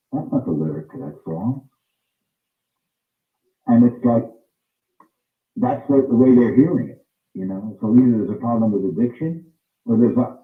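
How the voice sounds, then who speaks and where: A man's voice: medium pitch, far from the mic. A man in an interview, explaining what he looks for in singers in an emphatic way, repeating his points for stress. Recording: tinny phone-like sound, roomy, off-mic.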